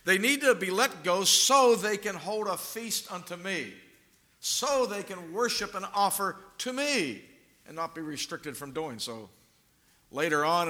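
A man preaching a sermon, reading scripture aloud and stressing key words with emphatic rises and drawn-out pauses. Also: a little high, pushed and bright. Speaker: pastor.

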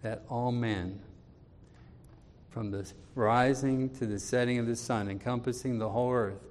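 A man preaching an expository sermon, reading scripture aloud with more force and dropping low and quiet when he appeals to his listeners. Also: fairly even intonation, a little slow, long reverb tail. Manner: reads scripture louder, drops low and quiet for personal appeals.

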